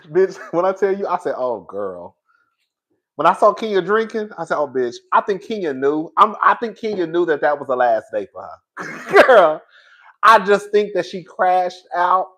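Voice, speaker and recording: Sassy male reviewer, slightly high voice, animated and laughing. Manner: sassy, animated, laughing often, drags words for effect. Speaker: reality TV reviewer. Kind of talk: casual reaction commentary.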